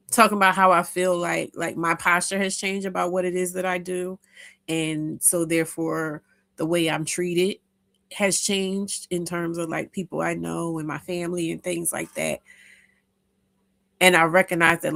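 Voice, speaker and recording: Low-voiced woman hosting a rambling chat. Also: vocal fry, a bit bright, no echo, clean studio sound. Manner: rambling, heartfelt, many restarts and fillers. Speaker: host of a live audio chat room. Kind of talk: informal live chat with listeners.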